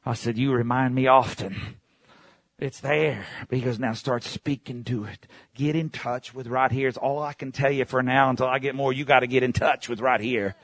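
A man preaching a sermon in a fervent, emphatic, repetitive way, building to shouts and dropping low and slow. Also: fairly even intonation, dry recording.

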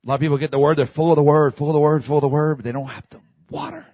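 A man preaching a sermon, dropping to low murmurs and rising to shouted peaks, leading the congregation in call and response. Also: steady tone, rapid-fire, dry recording. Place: church.

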